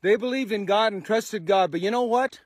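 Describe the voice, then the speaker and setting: A man's voice: sits high, normal speed, no room sound, clean studio sound. A man from Texas, giving an angry, rhetorical speech outdoors and swearing as he presses his point. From Houston, Texas, USA. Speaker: songwriter. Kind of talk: impassioned speech to camera. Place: outdoors on a farm.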